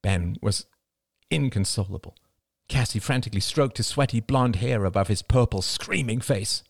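A man narrating an audiobook chapter in a lively, expressive reading. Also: on the low side, normal speed, vocal fry, dry recording, clean studio sound.

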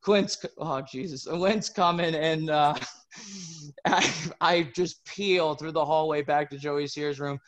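A podcast host casually telling a story, animated and laughing through it. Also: male voice, on the high side, takes it slowly.

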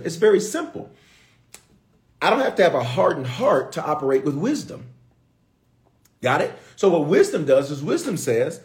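Animated preaching man, lively pitch. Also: moderate pace. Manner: animated, call-and-response preaching with playful asides. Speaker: bishop, preacher. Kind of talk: sermon.

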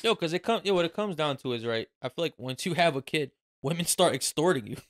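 A man's voice: on the high side, expressive, fast. Slangy podcast host man. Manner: loose, slangy, repeats "yo" and "you feel me". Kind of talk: casual chat.

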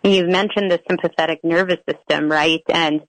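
A woman's voice: on the low side, steady tone, brisk, no room sound, low-quality recording. Thoughtful woman guest on a radio show. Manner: thoughtful, with fillers and restarts. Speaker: psychiatric nurse practitioner and psychotherapist.

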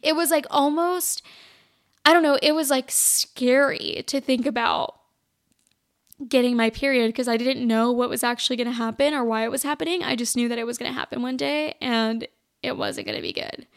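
High, gravelly-voiced chatty young woman. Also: expressive, normal speed. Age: young adult. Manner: chatty, heavy use of "like". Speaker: podcast host. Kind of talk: casual personal storytelling.

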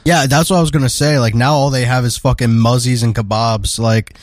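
A man of ordinary pitch chimes into a loose podcast chat. He jokes along and readily agrees with the others. The recording is dry and close. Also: fairly even intonation, no room sound. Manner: joking, quick to agree.

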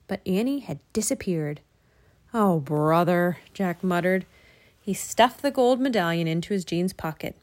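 A woman reads a children's adventure book aloud at home. Her pitch sits in the middle range. She gets animated, jumping higher and louder whenever the young characters speak. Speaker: parent reading aloud.

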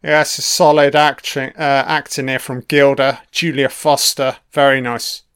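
A man's voice: mid-range voice, flat delivery, moderate pace, a bit bright, smooth. A young man giving casual, wry film commentary, swearing freely as he reacts to the scenes. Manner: profane, wry running remarks.

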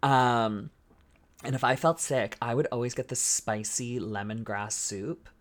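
A man's voice: mid-range voice, fairly even intonation, a little slow. Giggly, gushing drag queen host. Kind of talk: casual chat. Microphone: remote call setup.

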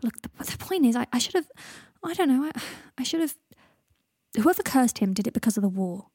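A woman's voice: a little high, sing-song, brisk, darkish tone, slightly rough, dry recording, studio quality, pitched above the performer's own voice. A woman voicing an anxious, earnest young man who stammers in a story reading. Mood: flustered. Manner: stammering, flustered.

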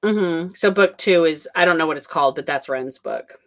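A woman with a very low voice, talking casually about a book she has read. She sounds relaxed and candid, and she swears now and then. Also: normal speed. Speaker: book discussion co-host. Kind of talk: casual chat reviewing a book.

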